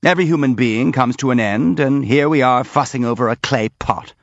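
A man voicing a loud, anxious older noblewoman, fussing in a high voice. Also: a little fast, vocal fry, no echo, close to an everyday voice. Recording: slightly dull dry recording.

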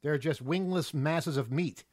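A man's voice: fairly high pitch, a little slow, darkish tone. A man hosting a casual panel chat, reading a news item aloud with many fillers and wry asides. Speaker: host.

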